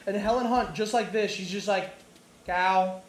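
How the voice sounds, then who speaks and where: A man's voice: sits high, brisk, a little hiss or hum. A man casually chatting while live streaming a game, telling stories with lots of swearing and laughter. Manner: profane, laughing, animated storytelling. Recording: roomy echo.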